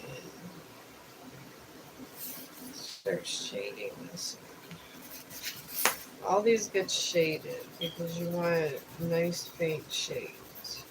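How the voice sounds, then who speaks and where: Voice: medium pitch, drawn-out words, long pauses. A live streamer chatting casually while painting, thinking aloud and explaining the art supplies step by step. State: just woke up. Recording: steady background noise.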